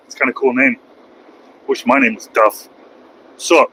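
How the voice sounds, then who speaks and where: Middle-aged trucker man, rambling jokey stream chat from his cab, bright forceful voice, faint road noise. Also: medium pitch, steady tone, a little slow, long pauses, poor audio. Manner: rambling, joking, self-mocking. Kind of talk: casual live-stream chat while driving.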